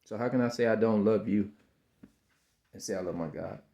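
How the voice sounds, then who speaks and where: A man in his fifties speaks in a lowish, mellow voice with vocal fry, captured on a muffled recording. Slow and repetitive, he preaches about self-belief, repeatedly calling the listener baby.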